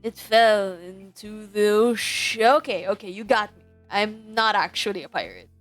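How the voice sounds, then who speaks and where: A woman's voice: mid-range voice, expressive, normal speed, fairly bright tone, faint music behind, natural voice. A woman voicing a lazy, drunk young male punk with a laid-back, teasing drawl. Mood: wry.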